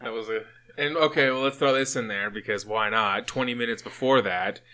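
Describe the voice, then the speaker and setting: A man's voice: mid-range voice, fairly quick, pushed and bright. A young man and father co-hosting a casual podcast, telling stories with swearing and laughter. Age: young adult. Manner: profane, laughing storyteller. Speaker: podcast co-host. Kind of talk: casual chat.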